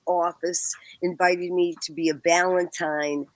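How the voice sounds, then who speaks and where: A woman's voice: fairly low pitch, level tone, a little slow, no room sound, poor audio. A woman in her sixties with a Boston accent, a guest telling stories in a casual chat and laughing often between phrases. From Boston, USA. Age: 60s.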